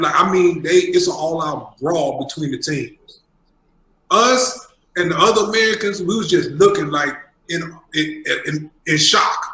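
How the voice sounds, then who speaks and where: A man's voice: a little high, a little slow, a little hiss or hum. A man, a former pro basketball player, telling a story casually and emphatically. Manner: animated, emphatic. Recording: echoey room.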